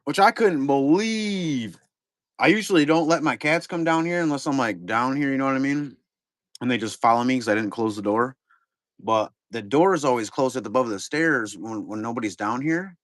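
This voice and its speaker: A middle-aged man chats in a loose, rambling way, talking straight to his viewers as if they were hanging out with him. His voice sits in an ordinary middle pitch and sounds close and dry, with hardly any room around it. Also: normal speed, dry recording. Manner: rambling, laid-back, talks to chat viewers. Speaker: card break streamer. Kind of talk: casual live-stream chat.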